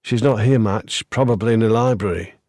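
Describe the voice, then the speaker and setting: A man's voice: on the low side, brisk, darkish tone, no echo, studio quality, lightly acted. A man voicing a lazy, educated male student in his late teens with an English Home Counties accent and a drawl.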